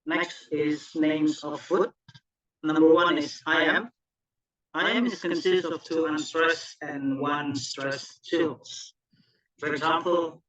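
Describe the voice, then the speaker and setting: A man's voice: fairly high pitch, a little slow, sharp tone, highs cut off. A man student giving a class presentation, reading from notes and correcting himself as he goes. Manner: correcting himself, restarting words.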